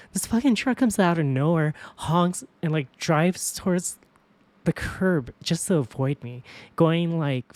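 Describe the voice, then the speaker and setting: A woman streams and chats loosely with her viewers, spinning lively stories, cursing freely and laughing a lot. Her voice is low, and there's no room sound.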